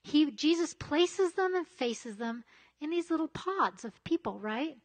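A woman's voice: high-pitched, animated, a little slow. A woman giving a casual, conversational sermon, full of chatty asides and frequent "right?" checks with her listeners. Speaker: preacher.

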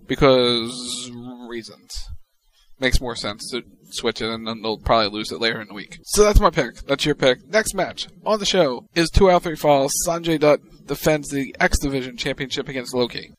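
A man co-hosting a wrestling podcast, talking through upcoming matches in a relaxed, matter-of-fact way. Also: medium pitch, brisk, few pauses. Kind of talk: casual chat.

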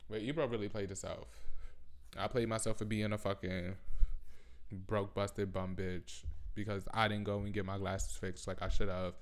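A man, ranting casually to camera in a profane, animated way. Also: on the low side, moderate pace. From the Bronx, New York. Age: 20s. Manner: animated, profane, loud outbursts and laughter. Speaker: vlogger.

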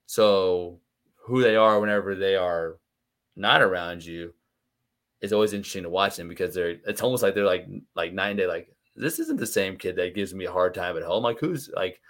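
A man's voice: sits low, a bit bright. A man in his thirties, a podcast guest, talking about raising his kids in a reflective, casual way with lots of fillers. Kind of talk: casual conversation.

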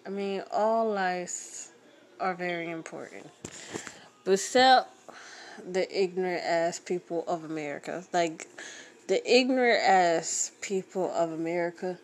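A young woman from Florida, hosting a podcast and ranting bluntly, rambling and swearing while she has a cold. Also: fairly low pitch. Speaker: podcast host. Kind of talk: casual ranting monologue.

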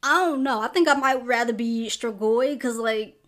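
A woman's voice: fairly high pitch, moderate pace, fairly bright tone. A young adult woman hosting a podcast, giving a casual, rambling movie review full of "like" fillers. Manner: chatty, rambling, lots of "like" fillers. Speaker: podcast host. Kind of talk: casual film review commentary.

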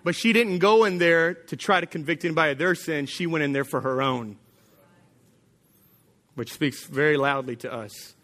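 A man preaching with a bright, forceful edge to his voice, pitched a little higher than most men. He tells the story with animated energy and slips into the voices of the people in it. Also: normal speed. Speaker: pastor. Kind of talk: sermon.

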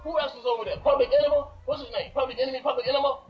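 An actor playing a cranky, loud father who hollers and cackles at noisy party kids, heard in a dull film clip with music behind. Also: extremely high pitch, steady tone, racing. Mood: irritated. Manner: hollering, blustery, cursing, cackling. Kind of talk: comedy film acting.

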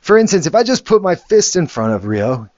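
A man's voice: high voice, sing-song, a little fast, a little mellow, no echo, lo-fi sound. Rambling man telling a casual story. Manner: rambling, with many restarts and casual swearing. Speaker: father and show host.

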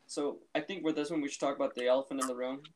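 A man's voice: medium pitch, steady tone, rapid-fire, a little hiss or hum. A man co-hosting a podcast, talking in a chatty, amused way, full of "like" and restarts. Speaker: podcast co-host. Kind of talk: casual chat.

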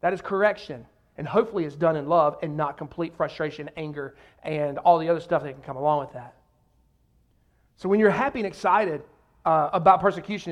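A man preaching a sermon in a lively, conversational way, often acting out quoted voices and using casual asides. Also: sits high. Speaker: pastor.

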